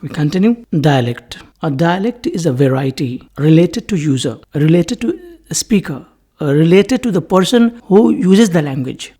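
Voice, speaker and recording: Husky voice, lecturer, recorded lesson, deliberate listing delivery. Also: mid-range voice, expressive, mellow. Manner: deliberate, repeats terms in lists. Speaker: English language lecturer.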